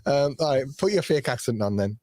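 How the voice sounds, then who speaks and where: A man hosting a live radio show in a studio, chatting casually and joking with callers, with lots of halting fillers. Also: mid-range voice, expressive, a little mellow, no room sound. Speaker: radio host.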